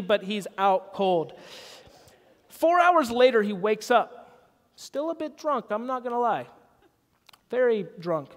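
A male pastor preaching a sermon as an animated, confiding storyteller. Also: very high voice. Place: church sanctuary. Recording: long hall reverb.

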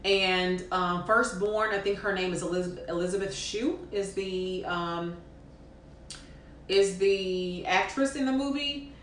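A woman's voice: medium pitch, slow pace, a bit bright, slight background noise. A woman nurse explaining patient care in a frank, conversational way, with frequent ums and restarts. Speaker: postpartum nurse educator. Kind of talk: casual spoken teaching to camera. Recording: echoey room.

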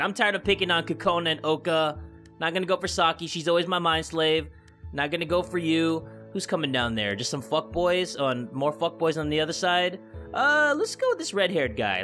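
A young man giving Let's Play commentary, excitable, loud and profane, often breaking into yelling. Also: high-pitched. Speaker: gaming YouTuber.

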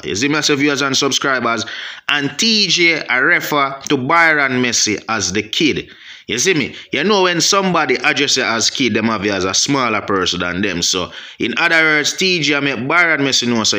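A man's voice: mid-range voice, animated, normal speed, bright, forceful tone. A man with a Jamaican accent giving rambling casual commentary to his viewers, often checking in with them. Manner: rambling, keeps asking "you see me". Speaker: music commentary vlogger.

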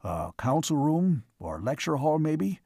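A man's voice: fairly high pitch, very animated, unhurried, creaky, dark tone, no echo, clean studio sound, heavily acted. A man reading the part of a cautious, level-headed male scientist, speaking carefully. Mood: puzzled.

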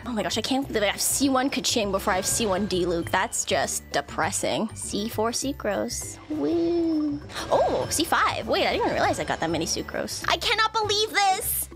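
A woman's voice: a little high, big pitch swings, brisk, over music. A woman streamer giving casual reaction commentary while playing, dramatic and self-pitying, laughing at her own bad luck. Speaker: gaming streamer.

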